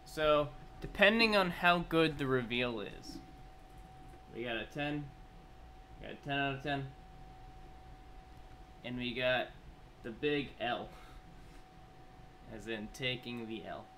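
A young man live-streaming his reaction, chatting casually to viewers and swinging from low mumbling to loud excited yelling. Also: slow pace, long pauses, a little hiss or hum.

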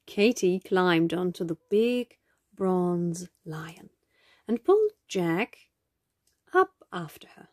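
A woman reads a children's picture book aloud, unhurried and gentle. Her husky voice moves expressively up and down in pitch. The sound is dry and close. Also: sing-song, dry recording. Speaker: storybook reader.

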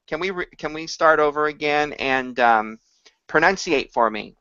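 A man teaching audition technique, explaining slowly and breaking into short sung examples. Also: a little high, expressive, pushed and bright, clear, resonant tone, no echo, muffled recording. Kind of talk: instructional talk to camera.

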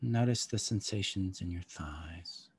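Guy with a low husky voice leading a body-awareness meditation, slow and soft. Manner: slow, calm, soft-spoken instructions with long pauses. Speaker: somatic practice guide. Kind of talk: guided somatic meditation.

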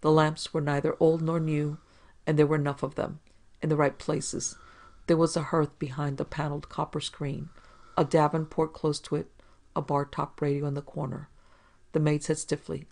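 An audiobook narrator tells a hardboiled 1940s crime story in a gravelly, fry-edged voice. The delivery is flat and steady, with little rise or fall. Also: medium pitch, moderate pace. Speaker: podcast narrator.

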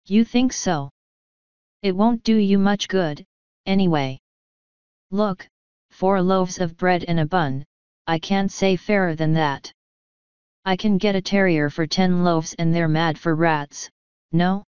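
A woman's voice: lowish voice, takes it slowly, pauses often, darkish tone, clean tone, dry recording, highs cut off. A woman voicing a blunt, pushy middle-aged townsman who haggles hard, in an audiobook. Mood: haggling. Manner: bargaining, blunt and knowing. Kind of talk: audiobook character voice.

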